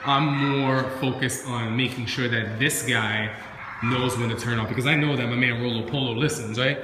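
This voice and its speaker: This is a casual live stream from a male dog trainer, talking to viewers and dogs as he works and frequently asking "right?" and saying "like." He speaks at a moderate pace with a steady, medium-pitched voice. The room is echoey with long reverb, and there's background noise.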